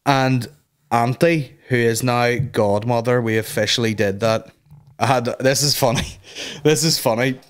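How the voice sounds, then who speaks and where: A young man, hosting a comedy podcast as a sweary, rambling storyteller who jumps into high mock voices. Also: clean tone. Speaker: podcast host. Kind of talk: casual comedic monologue.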